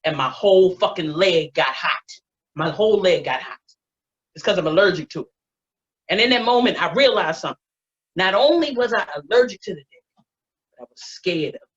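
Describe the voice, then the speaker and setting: Woman, stand-up comedian, profane, animated storytelling, muffled online sound. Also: lowish voice, fairly quick, long pauses. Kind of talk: stand-up set on a video call. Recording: dull lo-fi online audio.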